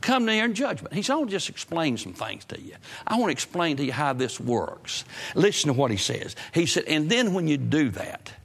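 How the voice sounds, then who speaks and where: A male preacher delivering a sermon, fervent and repetitive, climbing to loud emphatic peaks and then dropping low and quiet. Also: big pitch swings, brisk, creaky, hardly any pauses, husky. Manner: repeats phrases for emphasis.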